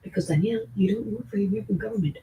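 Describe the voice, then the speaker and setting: A woman livestreamer delivering a rambling, profane monologue, lurching between hushed whispers and sudden shouts. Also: medium pitch, very fast, phone-quality sound, slight background noise. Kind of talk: rambling live-stream monologue.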